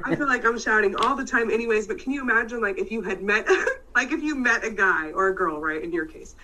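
A woman co-hosting a podcast live, a mom talking loudly and crudely with plenty of swearing and laughter. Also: on the high side, lively intonation, quick pace, poor audio. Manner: loud, profane, laughing. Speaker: podcast co-host. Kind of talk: casual live-stream chat.

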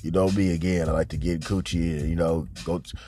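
A man hosting a podcast, telling a crude comic story in a profane, rambling, bragging way and getting louder and higher as it builds. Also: fairly even intonation, fairly quick, faint music behind. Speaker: podcast host.

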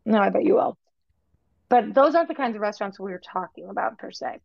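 A woman co-hosting a food podcast in casual chat, reacting with quick interjections. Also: mid-range voice, lively intonation, gravelly, no echo. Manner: chatty, reacts with short interjections. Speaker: podcast co-host. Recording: dry, dull lo-fi sound.

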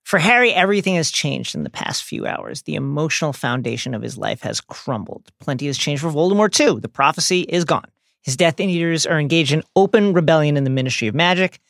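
A man co-hosts a podcast and reads book passages with dramatic emphasis between his comments. His voice is gravelly and his pitch moves in lively swings. The sound is dry and close. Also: a little fast, dry recording. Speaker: podcast co-host.

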